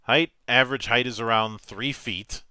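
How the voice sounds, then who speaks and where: A man reads tabletop game rules aloud as game master, steady and matter-of-fact, tripping over the odd word. His voice is bright and forceful. The sound is dry and close. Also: medium pitch, clean tone, no echo. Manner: measured, matter-of-fact reading with small stumbles.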